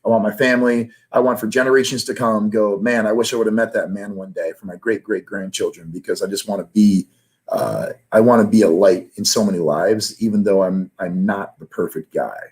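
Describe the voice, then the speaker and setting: A man's voice: lowish voice, fairly even intonation, fairly quick, poor audio. Earnest, emotional man in an interview. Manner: earnest and emotional, grows louder when passionate. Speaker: guest, sales trainer and life coach. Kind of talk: candid interview talk.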